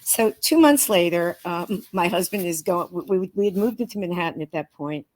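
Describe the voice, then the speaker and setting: A woman with a slightly low voice, sitting in a studio as an interview guest. she tells a long personal story earnestly and with animation, often stopping to restart her sentences before pushing on. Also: moderate pace. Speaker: guest, author and researcher.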